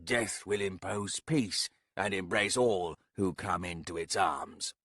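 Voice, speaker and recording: A male narrator voicing a solemn older figure who speaks slowly and gravely. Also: low-pitched, a bit bright, no echo, studio quality, heavily acted. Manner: slow, grave.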